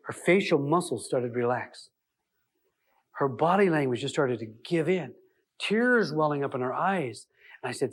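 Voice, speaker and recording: A man's voice: on the high side, animated, normal speed. A man giving a live relationship seminar, telling stories and acting out the dialogue in them, with many "uh" fillers. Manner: storytelling, acting out quoted dialogue; conversational, with frequent "uh" fillers. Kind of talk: live seminar talk to an audience.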